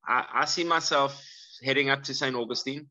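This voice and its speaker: A man's voice: medium pitch, fairly even intonation, fairly quick, bright, forceful tone, dry recording, dull audio. A man with a South African accent, a guest on a video-call interview, talking casually and self-deprecatingly with many fillers. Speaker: knifemaker guest.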